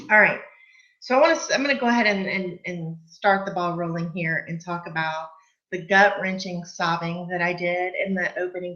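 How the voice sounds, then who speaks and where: A woman hosting a live online book club chat, talking in a gushing, chatty way with lots of fillers, clearing her throat from allergies. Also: on the low side, a bit bright, muffled recording. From Texas.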